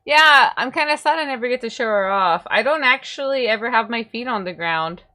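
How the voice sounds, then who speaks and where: Bright, giggly woman streamer. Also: a little high, expressive, fairly quick. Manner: giggly, rambling, playful self-talk. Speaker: VTuber streamer. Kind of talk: casual livestream chat.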